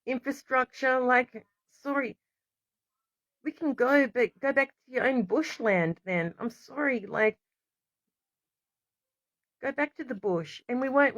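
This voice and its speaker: A woman's voice: high voice, fairly bright tone, no echo. Rambling, apologetic woman on lo-fi audio. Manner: emotional, rambling, keeps apologizing. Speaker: vlogger. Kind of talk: casual rambling monologue to camera. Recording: dull lo-fi recording.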